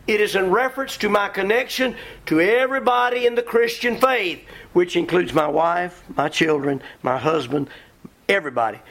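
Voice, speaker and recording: A middle-aged man preaching a sermon in a folksy, emphatic way, quoting scripture and acting out his listeners. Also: sits high. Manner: folksy, emphatic, mimics congregants with shouts.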